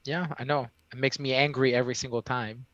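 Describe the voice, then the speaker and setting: A man co-hosting a podcast, ranting in an animated, exasperated way in casual chat. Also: medium pitch, a little fast, no room sound, highs cut off. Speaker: podcast co-host.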